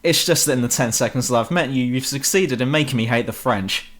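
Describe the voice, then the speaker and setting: A man's voice: medium pitch, a little fast, a bit bright, natural voice. Brief: British guy doing a sarcastic young soldier, hesitant and exasperated. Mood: awkward. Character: wisecracking young American soldier, polite but fed up.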